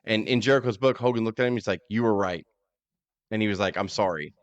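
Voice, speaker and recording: A man co-hosting a casual podcast chat, animated and opinionated, cursing freely as he argues his points. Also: on the low side, quick pace, dry recording. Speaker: podcast co-host.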